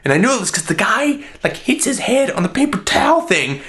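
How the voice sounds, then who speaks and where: An excitable man tells a comedic story in a high, bright voice. His pitch leaps up and down constantly as he narrates. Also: a little fast.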